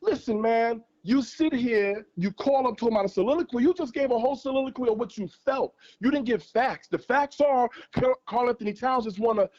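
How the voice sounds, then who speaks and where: A man's voice: extremely high pitch, a little fast, few pauses, a little mellow, lo-fi sound. A man calling in to a sports show, arguing passionately and hammering his points through repetition. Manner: passionate, argumentative, repeats points for emphasis. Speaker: guest caller on a fan livestream. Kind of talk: heated sports debate.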